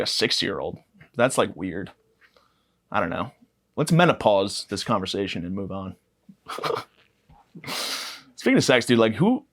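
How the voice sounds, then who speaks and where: A man in his twenties hosting a podcast, delivering a rambling, crude comedic monologue with a self-mocking deadpan. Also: mid-range voice. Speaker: podcast host.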